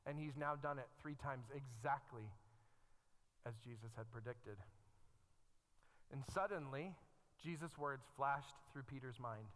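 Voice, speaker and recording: Middle-aged pastor preaching in a reverberant church. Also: male voice, mid-range voice, measured pace, pauses often, fairly bright tone. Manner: conversational preaching, reads scripture aloud, self-deprecating asides. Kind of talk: sermon. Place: church sanctuary.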